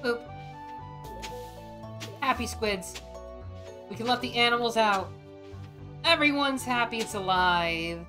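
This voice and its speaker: A woman vtuber streaming a farming game, chatting casually in an animated, crude, joking way and often swearing. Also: on the high side, takes it slowly, pauses often, music in the background. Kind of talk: casual gaming stream chat.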